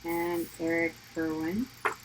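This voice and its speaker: A woman with a very low voice chats loosely, with frequent "like" fillers. She co-hosts a livestream and greets viewers. A faint hum sits behind her. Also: flat delivery, a little slow, low-quality recording. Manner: chatty, fills with "like" often. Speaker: livestream co-host. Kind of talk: casual chat.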